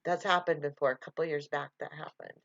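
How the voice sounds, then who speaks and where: A woman's voice: low-pitched, fairly even intonation, brisk, gravelly, fairly bright tone, no room sound, muffled recording. A woman hosting a casual live stream, chatting loosely, laughing often and answering viewer comments.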